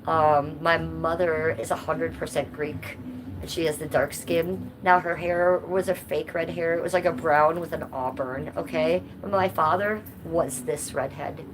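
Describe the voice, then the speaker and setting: Woman live streamer, slightly low voice, casual chat with viewers, noisy background. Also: fairly even intonation, unhurried. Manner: chatty, reads chat aloud and answers viewers.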